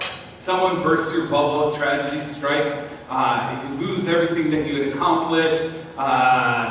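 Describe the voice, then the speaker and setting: A male pastor preaching a sermon in a church, telling the story in a conversational, animated way with rhetorical questions to the congregation. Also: a little high, a little hiss or hum. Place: church sanctuary. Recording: echoey hall, voice from far off.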